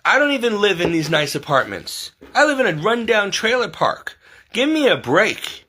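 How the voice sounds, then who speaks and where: A man with a bright, forceful voice speaks off the cuff in a heated monologue. He presses his points hard and keeps asking rhetorical questions, sometimes slipping into other people's voices to mimic them. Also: high-pitched, big pitch swings, normal speed, a little hiss or hum. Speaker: online commentary host. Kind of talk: unscripted monologue to camera.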